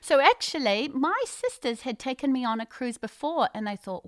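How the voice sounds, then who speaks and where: Bubbly high-voiced woman storyteller. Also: big pitch swings, unhurried, few pauses, fairly bright tone, dry recording, clean studio sound. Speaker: guest telling a story. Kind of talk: casual chat.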